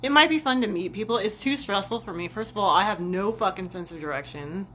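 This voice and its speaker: A woman vlogger rants casually and profanely about jobs in a mid-range voice. She tells stories in an animated, self-mocking way. There is faint background hiss. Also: mid-range voice, brisk. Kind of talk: casual rant to camera.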